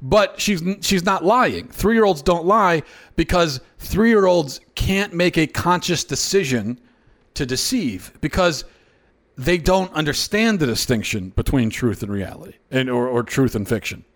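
A man's voice: on the high side, lively intonation, unhurried. Exasperated man with stammering restarts. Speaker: host. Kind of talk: opinion commentary monologue.

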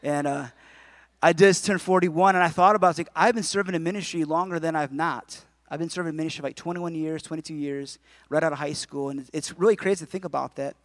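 A man's voice: a little high, steady tone, fast, no room sound. A man in his forties preaching a sermon in a conversational way, with jokes and asides to the congregation. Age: 40s. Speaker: pastor.

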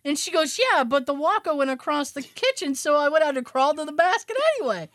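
A woman's voice: high-pitched, expressive, fairly quick, fairly bright tone, no room sound, clean studio sound. A woman co-hosting a podcast, telling a family story in casual chat, swearing now and then and laughing as she goes. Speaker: podcast co-host.

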